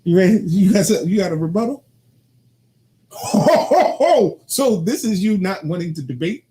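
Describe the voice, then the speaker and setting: A man co-hosting a casual couple's talk show, arguing his side with animated, teasing energy and acting out what others say. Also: high voice, fast talker. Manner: animated, argumentative and teasing, quoting people in changed voices. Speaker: co-host.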